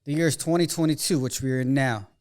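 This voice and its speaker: A man's voice: medium pitch, quick pace, darkish tone, clear, resonant tone. A man co-hosting a podcast in casual chat, telling stories in an easygoing way and swearing casually. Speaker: podcast co-host.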